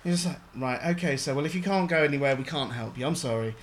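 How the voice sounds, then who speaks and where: A man's voice: medium pitch, quick pace, a little hiss or hum. A man hosting a radio show, chatting in a rambling way with restarts and the odd swear word. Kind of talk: casual radio chat.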